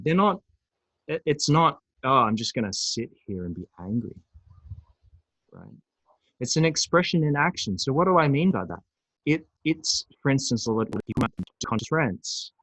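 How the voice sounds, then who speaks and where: A man presenting a recorded webinar on emotions, animated and acting out angry outbursts. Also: mid-range voice, no room sound, poor audio. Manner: animated, acts out angry voices.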